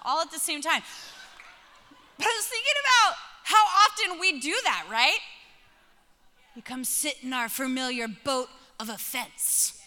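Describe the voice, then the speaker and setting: A woman in her thirties preaching a sermon, telling a family story and acting out the dialogue in an animated way. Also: sits high, measured pace, pauses often. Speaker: pastor. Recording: long reverb of a large hall.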